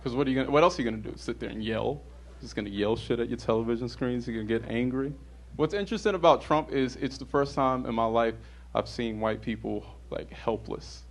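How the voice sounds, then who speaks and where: A man's voice: mid-range voice, brisk. A man doing stand-up comedy in a wry, resigned tone.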